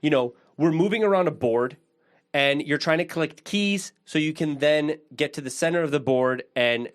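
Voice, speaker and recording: A man's voice: on the high side, normal speed. A man co-hosting a podcast, talking casually and chuckling as he explains a board game. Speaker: podcast co-host. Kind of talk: casual chat.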